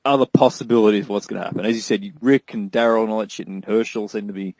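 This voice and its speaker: A man co-hosting a casual podcast chat, trading quick jokes. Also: lowish voice, fairly even intonation, a little mellow, dry recording, poor audio. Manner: jokey, quick banter. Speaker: podcast co-host.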